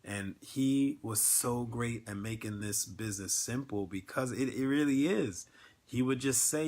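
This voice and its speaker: A man's voice: mid-range voice, a little slow, darkish tone. A man hosting a casual livestream, talking in an earnest, emotional way with many filler words and ums. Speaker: network marketing livestream host.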